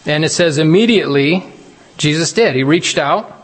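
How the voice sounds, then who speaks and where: A man's voice: on the high side, normal speed, in a large hall. A man preaching a casual, conversational sermon, often checking in with his listeners and laughing at his own retellings.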